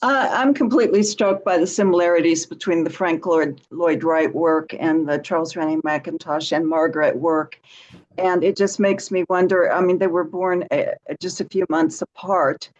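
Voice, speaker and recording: A woman's voice: on the low side, fairly even intonation, normal speed, darkish tone, dull audio. A woman commenting in a forum Q&A, enthusiastic and effusive. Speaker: forum participant.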